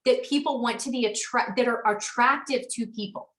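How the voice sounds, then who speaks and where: A woman in her thirties leads a motivational sales team call, chatty and frank with an encouraging push. Her voice sits a bit high. She sounds distant from the mic, in a room with a lot of echo. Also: fairly quick, fairly bright tone.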